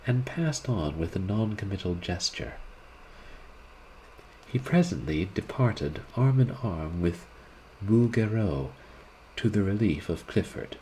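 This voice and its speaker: A man reading a classic short story aloud, in a deliberate, expressive manner, shifting his voice for the characters. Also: sits low, slight background noise, rough recording.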